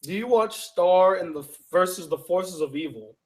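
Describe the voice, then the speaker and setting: A man's voice: high voice, normal speed, a little mellow. A tired, yawning man hosting a live chat, reading viewer comments and bantering back with loose, profane teasing. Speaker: YouTube channel host.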